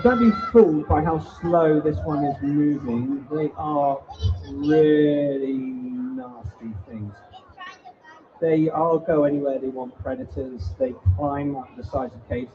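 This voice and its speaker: A man's voice: on the high side, expressive, unhurried. A man presenting invertebrates to a family audience at a live show, joking and teasing the children theatrically. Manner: jokey, theatrical showman teasing the kids. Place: event hall before an audience. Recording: distant, dull live-stream sound with faint noise.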